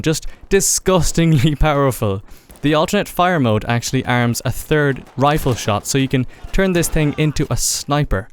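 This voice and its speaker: A man's voice: mid-range voice, a little hiss or hum. A man narrating a gameplay video in a casual, enthusiastic commentary voice-over. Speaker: gaming video creator.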